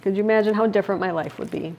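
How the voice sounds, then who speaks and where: A middle-aged woman from Wisconsin, chatting warmly as she walks viewers through a recipe in her home kitchen. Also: mid-range voice, fairly even intonation, rapid-fire, slight background noise. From Wisconsin, USA. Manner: chatty and upbeat, talks viewers through each step. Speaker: cooking vlogger. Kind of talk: casual cooking demonstration.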